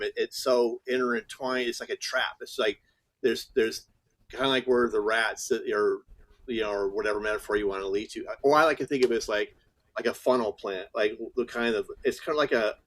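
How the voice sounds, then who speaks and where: Male panelist, middle pitch, meandering speech, dry sound. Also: steady tone, fairly quick, no echo. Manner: rambling, many restarts and analogies. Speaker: panel guest. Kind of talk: casual panel chat.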